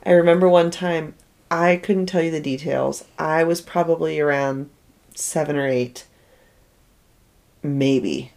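A woman co-hosting a podcast, chatting casually and answering with short, relaxed replies. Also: sits low, a little slow, pauses often. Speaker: podcast co-host. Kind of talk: casual chat.

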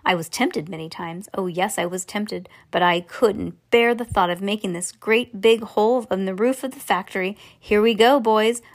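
A woman's voice: mid-range voice, normal speed, hardly any pauses, natural voice. A woman reading aloud and voicing an eccentric, cheerful male chocolate-factory owner who talks in a bubbly, fussy rush. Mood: gleeful.

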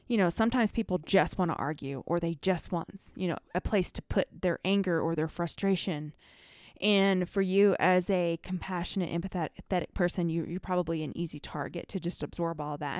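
Smooth low-voiced American woman healer. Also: no echo, studio quality. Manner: earnest, conversational, many fillers. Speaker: energy healer. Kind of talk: casual advice monologue.

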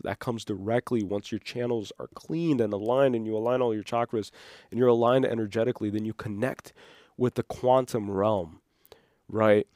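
Male solo podcast host, mellow low voice, rambling excitable delivery, dry close sound. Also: no echo. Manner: rambling, excitable, loses his train of thought. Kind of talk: unscripted solo monologue.

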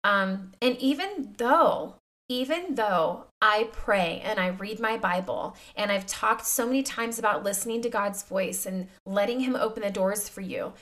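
A woman's voice: medium pitch, a bit bright. A woman hosting a faith podcast, talking candidly and directly to her listeners, her voice congested and nasal from a recent illness. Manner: confiding, addresses listeners directly. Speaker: podcast host.

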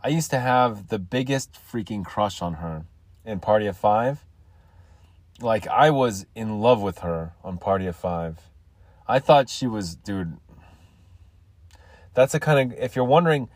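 A man's voice: lowish voice, expressive, a little slow, long pauses, dry recording. A man hosting a solo podcast, rambling crudely and getting irritated as he goes. He has the hiccups. His voice sits close and dry on the mic, with no room around it. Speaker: podcast host.

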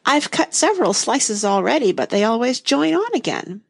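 A woman's voice: a little high, very animated, moderate pace, gravelly, no echo, studio quality, pitched above the performer's own voice, exaggerated voice. Woman doing Alice, a polite young girl.

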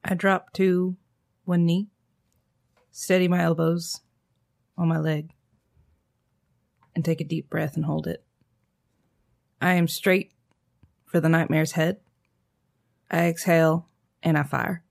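A player describing their character's actions in a tabletop game, calm and steady. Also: medium pitch, slow, gravelly, pauses often.

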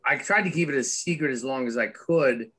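A man's voice: medium pitch, brisk, breathy edge. Middle-aged man telling his story. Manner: frequent restarts and fillers, animated storytelling. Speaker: guest, author and former Wall Street trader. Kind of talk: candid conversational interview.

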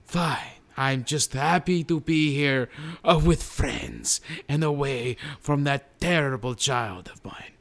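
A man's voice: medium pitch, slow pace, fairly bright tone. A man impersonating a male movie star who presents awards in a pompous, over-formal way.

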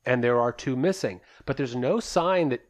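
A man's voice: medium pitch, moderate pace. A man co-hosting a podcast who recounts events step by step in casual, matter-of-fact chat. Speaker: podcast co-host.

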